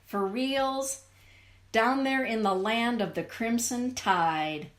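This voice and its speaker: A woman's voice: a little high, takes it slowly. A woman hosting a live spiritual show, greeting viewers by name and giving affirming card readings.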